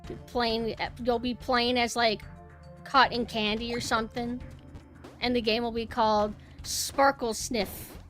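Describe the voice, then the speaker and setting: A young woman streaming a platformer, chatting through her play and quick to yell and curse at the game. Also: fairly high pitch, little pitch movement, soft background music. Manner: rage-prone, yelling and cursing at the game; chatty, thinks aloud. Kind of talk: live gameplay commentary.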